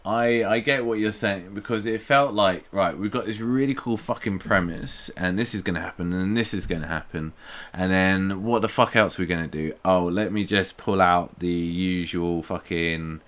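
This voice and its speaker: A man's voice: deep voice, fairly bright tone. A man co-hosting a casual film review podcast, joking and swearing freely. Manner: sweary, jokey, quick asides. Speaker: podcast co-host.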